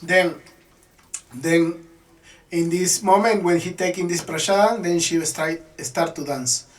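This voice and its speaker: Brief: male devotional storyteller, lively retelling, slightly high voice, mic placed far off. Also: slow pace. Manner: animated retelling, frequent "you know".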